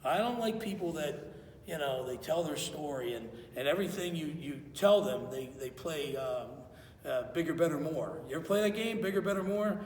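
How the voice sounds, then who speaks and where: A man's voice: a little high, animated, moderate pace, recorded from a distance, a little hiss or hum. A man preaching a conversational sermon as pastor in a church, acting out quotes as he goes. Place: church sanctuary. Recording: echoey hall, voice from afar.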